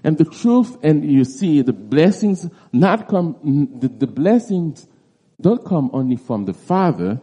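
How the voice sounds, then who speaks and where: A man preaching through a Bible passage in an expository teaching style, halting often and restarting his phrases. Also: fairly high pitch, very animated, warm tone, husky. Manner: halting, with frequent restarts and repeated words.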